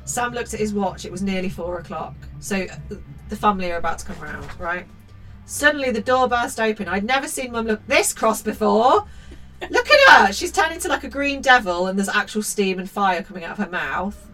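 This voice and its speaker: A woman's voice: mid-range voice, expressive, brisk, bright, forceful tone, soft background music. A woman co-hosting a podcast, reading a picture book aloud and breaking off for sweary, mock-outraged commentary. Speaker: podcast co-host.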